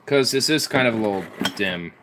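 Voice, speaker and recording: A man's voice: on the low side, lively intonation, a little fast, background noise. A man chatting casually while playing guitar, rambling and swearing freely. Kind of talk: casual chat.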